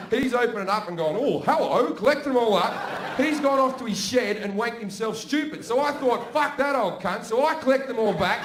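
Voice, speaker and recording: A middle-aged man doing a stand-up routine, profane and conversational, often asking "right?". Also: high-pitched. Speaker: stand-up comedian.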